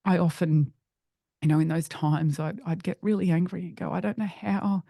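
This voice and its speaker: A middle-aged woman, a podcast guest, telling a personal story in an earnest, halting way with frequent restarts. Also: fairly low pitch, steady tone, creaky, warm tone, dry recording, studio quality.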